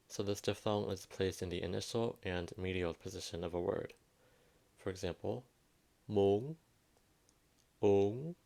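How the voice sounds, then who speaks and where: Slow, deep-voiced man teaching pronunciation. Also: creaky, darkish tone. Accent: Southwestern Vietnamese. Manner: slow, careful teaching, repeats words for emphasis. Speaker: language teacher. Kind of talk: pronunciation lesson.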